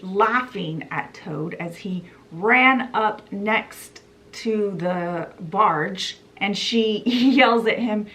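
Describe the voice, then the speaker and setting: A woman's voice: mid-range voice, slow, a bit bright, slight background noise. A woman hosting a book channel, retelling a classic story in a chatty, casual way. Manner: chatty, fills with "you know" and "he's like".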